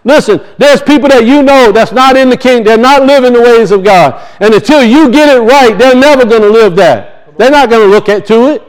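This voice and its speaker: High-voiced impassioned preacher man. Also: fairly quick, few pauses, rough recording. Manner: impassioned, repetitive, rising and falling emphasis. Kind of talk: sermon. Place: church.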